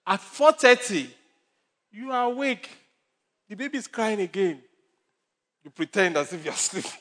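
A man's voice: sits high, very animated, moderate pace, a bit bright. A male pastor preaching a sermon with numbered points, stories and humor.

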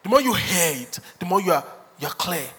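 A man's voice: high-pitched, sing-song, brisk, fairly bright tone, breathy edge. A man preaching a sermon as pastor, joking, acting out quotes and laughing often. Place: church hall. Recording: reverberant hall.

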